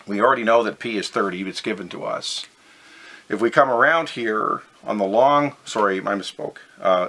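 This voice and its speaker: Bright-voiced man teaching physics. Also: medium pitch. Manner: methodical, step-by-step, stresses key words. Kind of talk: recorded lesson explaining over slides.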